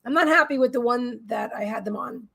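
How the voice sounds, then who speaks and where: A woman's voice: a little high, fairly quick, vocal fry, fairly bright tone. A woman hosting a psychic live stream from her desk at home, chatting in a meandering way and often talking to her pets. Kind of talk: casual chat on a live stream.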